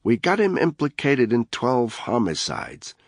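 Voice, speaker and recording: A brash, sarcastic surveillance analyst, voiced by a male audiobook narrator. His delivery is blunt and impatient, pitched a little above a husky low baseline. The sound is close and dry. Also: huge pitch swings, unhurried, no room sound, heavily acted. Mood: wry.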